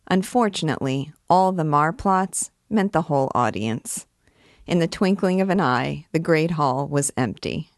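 A woman reading a classic novel aloud in a measured, expressive way as a guide to the book. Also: low-pitched, dry recording, studio quality.

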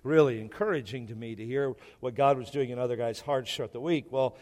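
A man's voice: medium pitch, a little fast, a little mellow. A male pastor preaching a sermon in a church hall, repeating key phrases and putting questions to the congregation. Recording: echoey hall.

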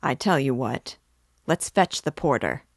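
A woman's voice: rumbling low, expressive, unhurried, dry recording, clean studio sound, heavily acted. A woman reading aloud, voicing an eager young male law student who talks urgently and insistently.

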